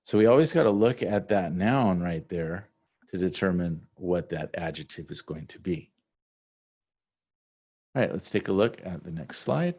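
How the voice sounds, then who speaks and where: A man teaching a language lesson from slides, relaxed and conversational with many fillers. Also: deep voice, normal speed. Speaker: Spanish teacher. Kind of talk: recorded slide lecture. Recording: dull lo-fi recording.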